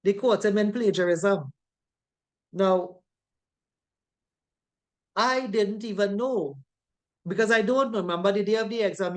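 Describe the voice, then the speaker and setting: A woman lectures a class on safety in a relaxed, conversational way. Her voice sits at a middle pitch, and she leans on rhetorical questions and repeated "right?" checks with her students. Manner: chatty, rhetorical questions, frequent "right?" tags. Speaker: safety course instructor.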